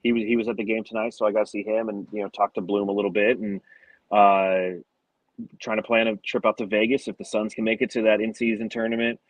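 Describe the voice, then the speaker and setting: Chatty husky-voiced podcast co-host man. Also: fairly low pitch, flat delivery, fast talker, no echo, lo-fi sound. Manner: chatty, swears, laughs easily. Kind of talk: casual sports podcast chat. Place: at an arena after a game.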